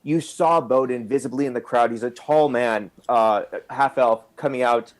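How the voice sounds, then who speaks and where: Rambling male game master narrating. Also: medium pitch. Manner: rambling, with fillers and restarts, quickening in tense moments.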